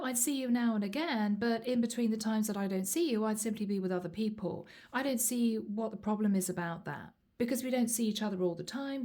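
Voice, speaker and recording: A woman's voice: fairly high pitch, mellow. A woman giving a tarot reading to camera, who often laughs as she goes and acts out what the other person would say. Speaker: tarot reader.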